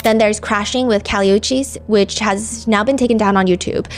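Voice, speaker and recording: A woman's voice: mid-range voice, steady tone, normal speed, soft background music. A woman hosting true crime commentary in a casual, chatty way, full of "like" fillers. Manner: chatty, frequent "like" fillers, reads lyrics aloud.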